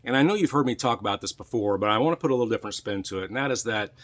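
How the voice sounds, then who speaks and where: A man's voice: fairly low pitch, lively intonation, very fast, a bit bright. A man, a real estate coach, giving an earnest, preachy motivational talk to his viewers and repeating phrases for emphasis. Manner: speaks to viewers directly, with frequent "right?" check-ins. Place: in his truck.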